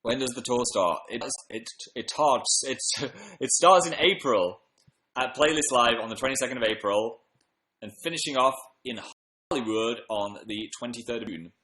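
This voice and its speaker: A man's voice: mid-range voice, moderate pace, sharp tone, reverberant, low-quality recording. A man hosting a casual livestream from a room at home, tired after a late night, chatting and reading out comments with upbeat bursts. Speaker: livestream host.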